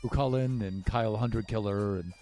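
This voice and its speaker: A man's voice: lowish voice, moderate pace, mellow, soft background music. A man casually talking through his building as he streams a game, thinking aloud with many fillers. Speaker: Minecraft streamer.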